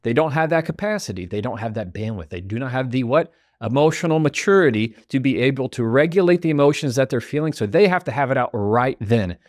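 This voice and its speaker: Guy hosting a podcast, lively up and down delivery, dry close sound. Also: medium pitch, fairly quick, hardly any pauses, no echo. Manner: animated, acts out quoted voices. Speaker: podcast host. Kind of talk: motivational podcast talk.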